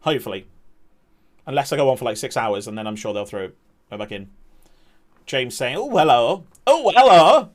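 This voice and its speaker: A man's voice: brisk, pauses often. A young man streaming a football match, calling the play-by-play and chatting with viewers in between. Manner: excitable play-by-play that surges in pitch at attacks, chatty asides to chat. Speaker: streamer and amateur match commentator. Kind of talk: live watch-along commentary mixed with reading chat.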